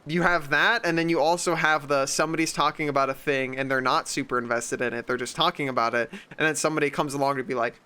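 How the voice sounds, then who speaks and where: A man's voice: a little high, steady tone, quick pace, few pauses, sharp tone, clear, resonant tone. A young man streaming, chatting casually in a rambling, sarcastic way and swearing often. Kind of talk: casual chat.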